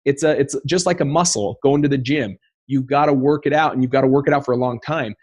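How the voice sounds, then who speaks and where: A man's voice: mid-range voice, fast, no room sound. Earnest man telling his story. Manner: earnest and animated, acting out quotes. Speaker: podcast guest. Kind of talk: personal storytelling.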